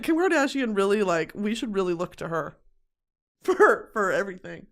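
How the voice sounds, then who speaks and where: A woman's voice: medium pitch, moderate pace. A young woman hosting a podcast from her home studio, chatting casually and expressively, swearing often and mocking herself in exaggerated voices. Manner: expressive, swears a lot, mocking self-talk. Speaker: podcast host. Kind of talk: casual chat.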